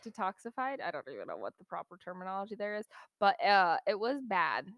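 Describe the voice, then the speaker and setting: A woman's voice: medium pitch, big pitch swings, fast, fairly bright tone, dry recording. A woman co-hosting a podcast, telling stories in a chatty casual way with lots of fillers. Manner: chatty storyteller, many fillers. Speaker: podcast co-host. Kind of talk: casual chat.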